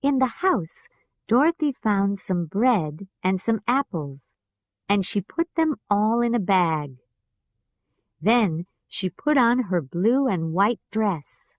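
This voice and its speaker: A woman with an American accent reading a graded storybook for language learners, clear and deliberate. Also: medium pitch, expressive, dry recording. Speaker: reader. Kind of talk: slow scripted narration for language learners.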